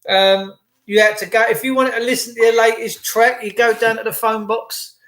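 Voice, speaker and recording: A high-voiced man chats casually with his livestream viewers, greeting them by name and drifting from topic to topic in rambling banter. He speaks at a moderate pace with a level, fairly bright tone, and his voice echoes around the room.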